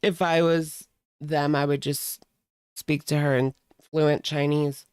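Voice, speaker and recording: A woman's voice: sits low, little pitch movement, takes it slowly, a little mellow, clean tone, no echo. A woman hosting casual reaction commentary, chatty and sarcastic, leaning on "like" as she talks close to the mic at home. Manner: sarcastic, chatty, heavy use of "like". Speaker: commentary host.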